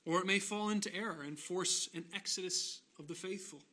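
A man preaching a sermon as pastor, emphatic, slowing down and rising on key phrases, then softer in the closing prayer. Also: high voice.

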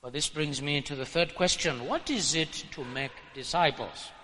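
A man preaching a sermon, building emphatic lists and rising to shouts at the peaks. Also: a little high, normal speed. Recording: long hall reverb.

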